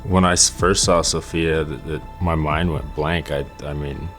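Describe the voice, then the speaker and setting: Very deep flat-voiced young man. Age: young adult. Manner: halting, with restarts and fillers. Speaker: father interviewed in documentary. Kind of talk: emotional personal recollection. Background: faint music.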